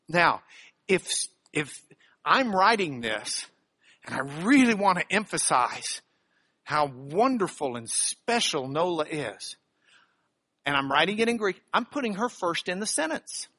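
A man teaches a live audience, his voice bright and forceful. His pitch swings lively as he explains each point step by step, checking in with quick rhetorical questions. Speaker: bible teacher.

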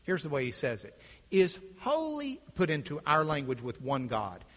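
A man's voice: a little high, normal speed. A middle-aged man giving a classroom lecture, acting out the voices in his quotes. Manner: animated, acts out voices in quotes. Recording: echoey hall.

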